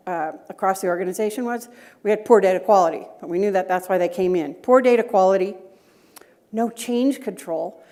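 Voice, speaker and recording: In a conference breakout room, a mid-pitched middle-aged woman who serves as a data governance director tells anecdotes and checks in with her audience. Her talk is built on personal stories, with rhetorical questions tossed to the listeners.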